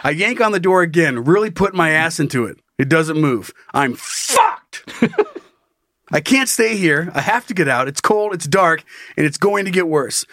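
A man's voice: fairly high pitch, no echo, clean studio sound. A man hosting a podcast, telling a story dramatically with swearing and laughs, in a casual chat style. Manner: animated, swearing, laughing at his own story. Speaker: podcast host.

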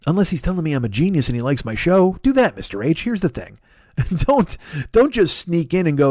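A man's voice: on the high side, fairly quick, dry recording. Fifty-something guy ranting on his podcast, voice jumps all over, swears constantly, dry close mic. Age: 50s. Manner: animated ranting, swearing a lot. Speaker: podcast host. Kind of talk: profane comedic monologue.

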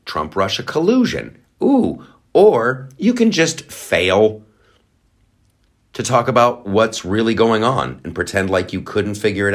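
A man hosting his own show, ranting and telling a story with jokes, swearing freely and laughing as he talks. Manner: animated, swings to high excited pitch when storytelling. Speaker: show host. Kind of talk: comedic rant.

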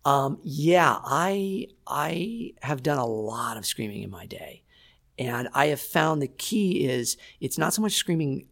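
A man's voice: mid-range voice, sing-song, slow, gravelly, a bit bright. A man in his forties, a voice actor, chatting thoughtfully in an interview, often restarting his sentences as he searches for words. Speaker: voice actor guest. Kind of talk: casual interview chat.

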